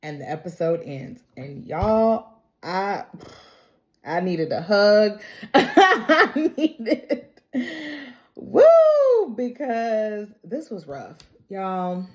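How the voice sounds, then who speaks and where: A woman's voice: mid-range voice, lively intonation, extremely slow. Chatty woman recapping a TV episode. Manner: chatty and emotional, says "like" and "y'all" often. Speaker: TV episode reviewer. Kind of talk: casual recap to camera.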